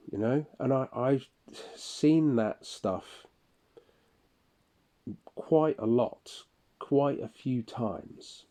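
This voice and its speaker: Guy doing an audio diary, slow halting talk, dark mellow voice. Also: medium pitch. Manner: halting, broken phrases with frequent restarts. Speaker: audio diarist. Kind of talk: personal monologue recalling incidents.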